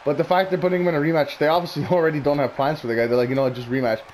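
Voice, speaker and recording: A man rants in a casual, unscripted way, blunt and full of cursing as he wanders from point to point. His voice sits a little high for a man, and a faint hiss runs under the recording. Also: rapid-fire, a little mellow. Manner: profane, blunt, opinionated, rambling. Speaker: wrestling commentary vlogger. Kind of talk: casual ranting predictions.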